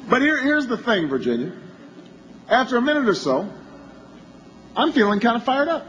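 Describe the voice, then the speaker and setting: A man with a strikingly high voice tells a long story at a campaign rally. He works slowly toward bursts of shouting, and a faint ambient hum runs underneath. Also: sing-song, dull audio. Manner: anecdotal storytelling that builds to shouting. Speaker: politician.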